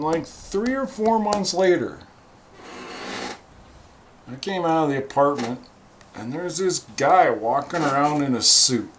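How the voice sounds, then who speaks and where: Guy telling a funny dog story, wry, does the voices, bit of hiss behind. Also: mid-range voice. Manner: wry, animated, acts out quoted voices. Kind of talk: casual storytelling.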